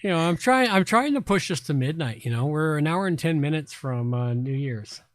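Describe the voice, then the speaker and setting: A middle-aged man chats from his apartment as he hosts a livestream, a bit tipsy. He talks bluntly and swears casually in an unhurried drawl. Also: fairly high pitch, lively intonation. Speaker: livestream host. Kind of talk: casual late-night chat. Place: home apartment.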